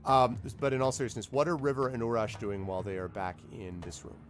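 A man's voice: medium pitch, steady tone, quick pace. A man narrating as game master in a tabletop game, hesitant with fillers.

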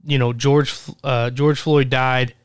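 A man co-hosting a podcast, giving his opinions in a measured but blunt way. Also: mid-range voice, little pitch movement, clear, resonant tone, no room sound, studio quality. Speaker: podcast co-host. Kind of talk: casual podcast chat.

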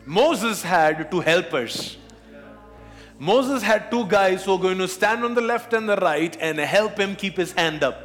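A man's voice: high voice, fairly bright tone. A man preaching a sermon as pastor, asking questions of the congregation. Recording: long hall reverb.

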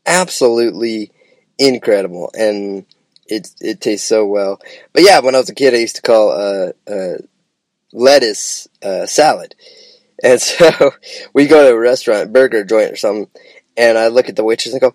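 A man's voice: on the low side, moderate pace, darkish tone, no room sound. A man from Idaho hosting a casual solo podcast, rambling with enthusiasm and calling his listeners "man" and "bro". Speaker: podcast host.

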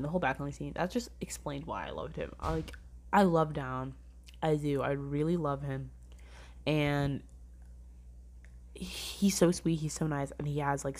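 Low-voiced woman gushing casually. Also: a little mellow. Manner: rambling, gushing, swears casually, many "like" fillers. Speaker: drama reviewer. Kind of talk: casual weekly review vlog.

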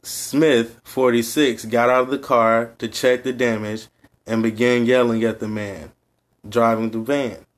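A relaxed man co-hosting a casual podcast, his voice sitting in an ordinary middle register. He talks in a low-key, unhurried way, even when he reads a news story aloud. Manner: laid-back, low-key delivery, calls himself high all the time. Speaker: podcast co-host.

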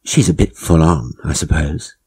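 A man's voice: extremely low pitch, lively intonation, moderate pace, a little mellow, breathy edge, exaggerated voice. A man doing a wry wife. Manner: matter-of-fact, wry. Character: the narrator's wife, sensible, wry woman.

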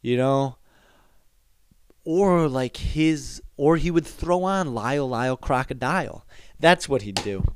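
Young male podcast host, slow, swooping delivery, foul-mouthed rambling riff, dry close mic. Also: mid-range voice, clean tone, dry recording. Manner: profane, rambling, animated riffing. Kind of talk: casual comedic rant.

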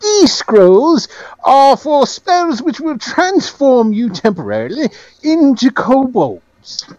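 Guy doing a high showy con-man voice, pompous, dry dull sound. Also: sing-song, slow pace, darkish tone, dry recording, heavily acted.

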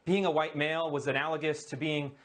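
A man speaking in a measured interview style, explaining with small hesitations. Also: a little high, level tone, fairly bright tone. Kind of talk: calm interview talk.

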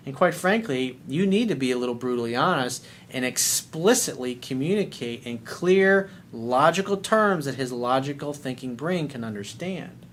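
A man's voice: medium pitch, animated, normal speed, hardly any pauses, fairly bright tone, a little hiss or hum. A man hosting a dating advice video, talking bluntly and sarcastically, with casual swearing. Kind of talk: casual advice monologue reading viewer letter.

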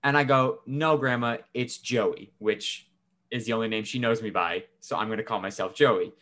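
A man's voice: lowish voice, moderate pace, fairly bright tone. A young man co-hosting a podcast, telling a family story in a casual, swearing, laughing way. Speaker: podcast co-host.

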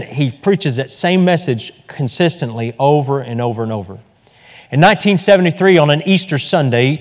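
A man's voice: medium pitch, big-room sound. A man preaching a sermon as pastor, emphatic and fervent, repeating words for stress.

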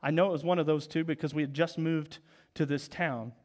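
A man in his forties preaching a sermon, telling stories and dropping to soft, low tones for emphasis. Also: steady tone, brisk. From Oklahoma, US. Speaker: pastor.

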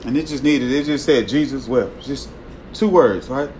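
A man preaching a sermon in a conversational way, often tagging his points with "right?" and swinging from loud emphasis to a hushed voice. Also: mid-range voice, normal speed, slight background noise, rough recording. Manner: conversational, tags lines with "right?".

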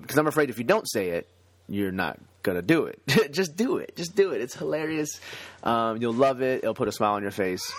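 A man hosting a motivational podcast, talking energetically with laughs. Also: dry recording. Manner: energetic, laughing, swinging pitch. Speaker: podcast host.

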